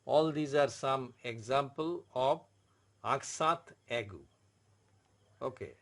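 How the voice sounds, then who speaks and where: Slow, deliberate male French tutor. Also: mid-range voice. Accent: Indian English. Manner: slow, repetitive, formal teaching. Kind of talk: online language lesson.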